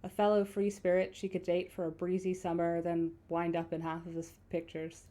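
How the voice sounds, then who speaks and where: Mellow-voiced woman streamer. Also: lowish voice, monotone, moderate pace. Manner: self-deprecating asides. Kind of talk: game let's play with read-aloud narration.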